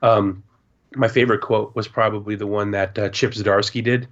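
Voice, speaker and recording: A man's voice: fairly low pitch, moderate pace, dull audio. A man co-hosting a casual late-night podcast, telling stories with swearing and acted-out quotes. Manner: animated storyteller, swearing, acting out quotes. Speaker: podcast co-host.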